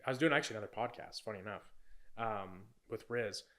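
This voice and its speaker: A man's voice: on the low side, quick pace, fairly bright tone. A young man, a podcast guest, telling a personal story in a casual, rambling way, full of "like" and "you know".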